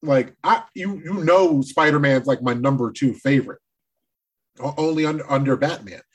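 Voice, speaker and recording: A man co-hosting a casual movie discussion, excitable and animated, swearing freely as he talks. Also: mid-range voice, moderate pace, breathy edge. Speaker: podcast co-host.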